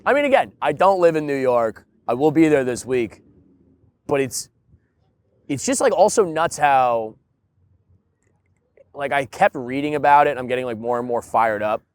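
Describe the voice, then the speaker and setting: A man's voice: mid-range voice, normal speed, pauses often, clear, resonant tone, no room sound. Ranting casual man, dry close sound. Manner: animated, ranting, heavy use of "like" and "dude". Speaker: podcast co-host. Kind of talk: casual chat.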